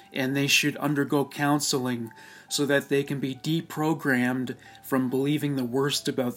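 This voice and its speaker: A man narrates a scripted documentary with a steady, measured delivery. His tone stays solemn and even, in a mid-range voice. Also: mid-range voice.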